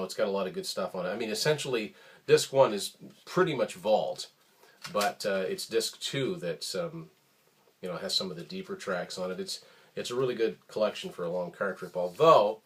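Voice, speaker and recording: A man hosting a casual show about his music collection, talking in a relaxed, rambling way with many ums and uhs. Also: on the low side. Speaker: host of a record collection show. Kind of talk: casual show-and-tell talk.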